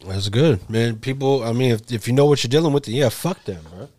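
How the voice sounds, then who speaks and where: A man's voice: medium pitch, fairly quick, darkish tone, dry recording, studio quality. A man co-hosting a casual podcast, talking loosely with lots of swearing and trailing off into mumbles. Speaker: podcast co-host. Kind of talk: casual chat. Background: faint music.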